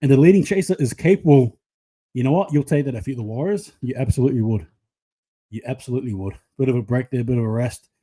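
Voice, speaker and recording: A man's voice: medium pitch, fast. A man giving live, chatty play-by-play of a rugby league match to viewers from his own channel. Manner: excitable, chatty, casual play-by-play. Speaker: live reaction commentator.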